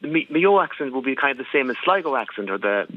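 An Irish man talks quickly and in a lively way as a radio guest. He is plain-spoken and stumbles into restarts, and his voice comes through dull and lo-fi. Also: mid-range voice. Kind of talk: casual radio chat.

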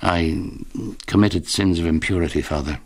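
A frightened boy , as a deep-voiced man reads him, murmurs his sins haltingly. His replies are quiet and ashamed. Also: vocal fry. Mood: timid, ashamed. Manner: hesitant, hushed, ashamed.

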